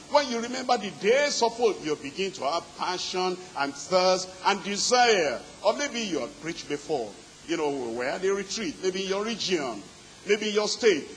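A preacher with a notably high voice delivers his sermon in rolling, repetitive phrases that build and stack on one another. He presses his congregation with steady exhortation, and a faint hiss sits under the recording. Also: rough recording.

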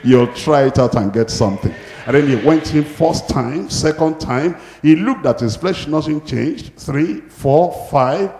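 A man's voice: fairly high pitch, animated, a little slow, hardly any pauses, darkish tone. Man preaching emphatically in echoey hall. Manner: emphatic, retelling Bible stories with acted voices. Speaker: pastor. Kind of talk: sermon. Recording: echoey hall with long reverb.

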